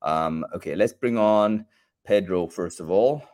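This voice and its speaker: A man hosting a live online show, chatty and filled with ums and uhs, talking from a room by a bright window. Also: low voice, a little slow. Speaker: host.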